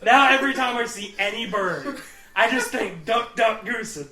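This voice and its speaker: A man co-hosting a casual podcast, telling stories loudly with lots of swearing. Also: high-pitched, lively intonation, normal speed, echoey room, far from the mic, a crowd in the background. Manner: loud, profane storytelling, yelling in bits. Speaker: podcast co-host. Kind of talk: casual chat.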